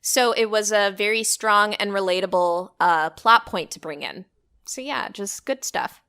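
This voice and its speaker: Bright-voiced woman co-host, gushing and giggly in a casual anime podcast. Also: medium pitch, measured pace, clear, resonant tone. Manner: excitable, laughs often, swears casually. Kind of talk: casual anime review chat.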